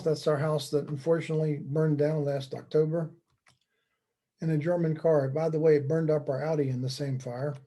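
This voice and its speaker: A man from the United States giving a slide-based presentation lecture, conversational and wry, with deadpan joking asides. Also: a little high. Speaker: speaker giving a talk.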